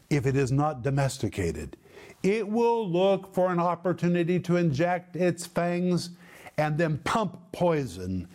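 A middle-aged man teaching from the Bible on a TV program, slow and emphatic, dropping low at the ends of verses. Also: a little mellow.

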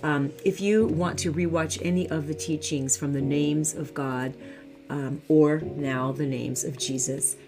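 A woman's voice: low voice, steady tone, a little slow, music in the background. A woman teaching the Bible online, fervent and repeating phrases for emphasis.

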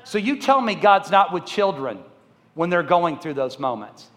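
High-voiced pastor in an echoing hall. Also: male voice, sing-song, normal speed. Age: 40s. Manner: earnest, drops soft and low for emotional parts. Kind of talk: sermon storytelling.

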